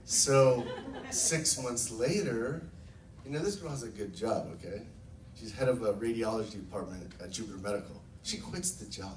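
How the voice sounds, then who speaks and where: A man's voice: on the low side, animated, normal speed. Enthusiastic man telling his story, roomy. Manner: enthusiastic, storytelling, acts out quotes. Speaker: network marketing distributor. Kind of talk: casual testimonial talk to a group. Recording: echoey room, mic from far off.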